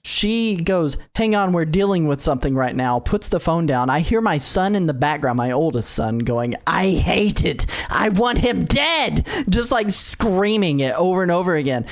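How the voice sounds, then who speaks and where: A man in his thirties, co-hosting a podcast in casual chat, telling a long story with lots of fillers and acted-out quotes. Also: fairly high pitch. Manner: rambling storyteller, acts out quotes. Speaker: podcast co-host.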